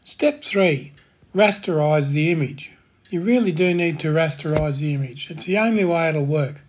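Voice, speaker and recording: Man tutorial host, slightly raised pitch, husky, calm step-by-step delivery. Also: moderate pace. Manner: calm, plain instructional delivery.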